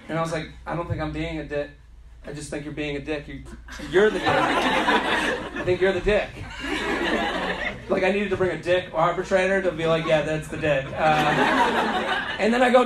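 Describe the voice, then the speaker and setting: High-voiced man hosting a live comedy podcast. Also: normal speed, long pauses. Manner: animated, joking, swearing storyteller. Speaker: podcast host. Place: comedy club stage before a live audience. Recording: echoey club with audience noise.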